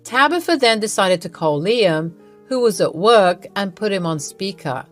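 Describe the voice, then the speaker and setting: A woman's voice: medium pitch, lively intonation, moderate pace, faint music behind. A woman narrating a scripted first-person drama story with a wry, amused manner.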